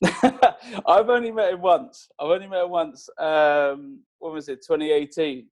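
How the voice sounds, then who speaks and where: A young English man with a voice pitched a little high chats on a podcast in an easygoing, unhurried way. He tells golf stories and chuckles along as he goes. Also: fairly even intonation. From England. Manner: laid-back, chuckles while telling stories. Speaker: professional golfer guest. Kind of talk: casual podcast chat.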